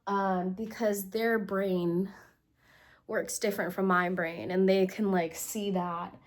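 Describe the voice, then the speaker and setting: A woman's voice: medium pitch, fairly even intonation, slow. A young woman vlogging casually at home, rambling and giddy, with lots of fillers and squeals while she builds furniture. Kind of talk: casual storytime chat. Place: home room, indoors.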